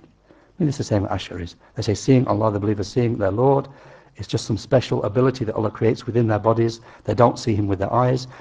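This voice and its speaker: A man teaching a religious study class, explaining slowly and repeating key phrases for his listeners. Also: medium pitch, gravelly, darkish tone, husky.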